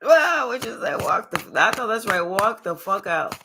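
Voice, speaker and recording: A woman doing a live tarot reading, talking in a sassy, profane, animated way and chatting with her viewers. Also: medium pitch, normal speed, vocal fry, background noise. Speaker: tarot reader.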